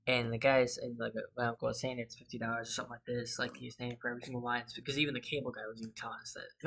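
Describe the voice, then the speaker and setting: A man's voice: mid-range voice, flat delivery, quick pace, hardly any pauses, bright, forceful tone. A man hosting a gaming channel, chatting casually and rambling through a story over his gameplay, losing his thread and swearing freely.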